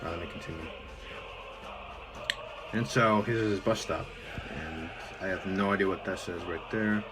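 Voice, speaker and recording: A man's voice: sits low, normal speed, music in the background, rough recording. A man casually commenting on his own old comic, rambling and poking fun at his mistakes. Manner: self-deprecating, rambling.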